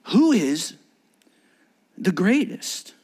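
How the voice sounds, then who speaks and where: Pastor, male, lively slightly high voice, acts out scenes mid-sermon; long hall reverb. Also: very slow, slightly rough. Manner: animated, acts out scenes, restarts words.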